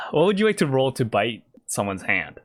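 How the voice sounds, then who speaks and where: A man narrating as game master for a tabletop game, relaxed and hesitant with fillers. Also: medium pitch, a little slow, no echo, clean studio sound.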